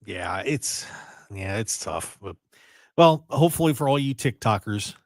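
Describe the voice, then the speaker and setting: Animated man hosting a radio show. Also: on the low side, measured pace, dry recording, clean studio sound. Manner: animated, repeats words when starting sentences. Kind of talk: casual chat.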